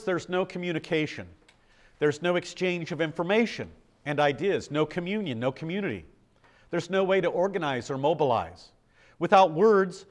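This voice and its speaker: An older American man preaching a sermon in a conversational way, asking the congregation questions. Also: fairly high pitch. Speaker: pastor.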